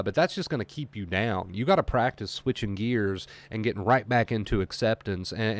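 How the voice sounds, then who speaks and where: A man's voice: mid-range voice, dry recording. A man talking earnestly as an anxiety recovery coach on a livestream, emphatic and repeating his key points. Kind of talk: motivational livestream talk.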